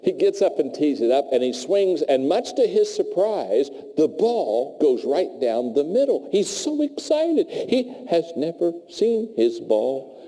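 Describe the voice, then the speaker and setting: Lively, mellow-voiced male storyteller. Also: fairly high pitch, a little slow, rough recording. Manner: animated storytelling, playful asides. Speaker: motivational speaker. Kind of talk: humorous talk to a live audience.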